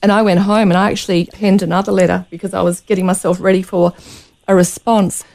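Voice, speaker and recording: A woman's voice: mid-range voice, flat delivery, quick pace, gravelly, a little mellow. A woman telling a painful personal story as a radio interview guest, earnest and close to tears. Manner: earnest, emotional, near tears.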